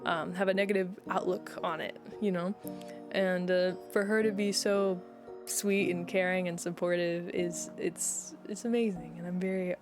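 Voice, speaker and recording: A woman's voice: lowish voice, level tone, moderate pace, over music. A young woman streamer chatting casually with her viewers, talking in a rambling, heartfelt way.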